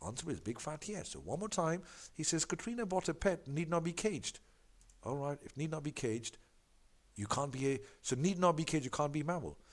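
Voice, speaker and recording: A man's voice: fairly high pitch, normal speed. A man working through exam practice questions as a tutor. He talks in an emphatic way, stumbles and corrects himself often, and keeps repeating catchphrases. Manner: animated, emphatic, repeats catchphrases like "big fat no".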